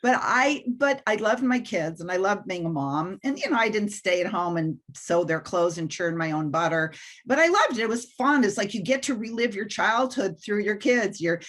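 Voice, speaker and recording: A woman's voice: medium pitch, lively intonation, normal speed, a bit bright. A woman guest on an interview, telling a personal story with animation and self-deprecating humor. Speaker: guest mentor.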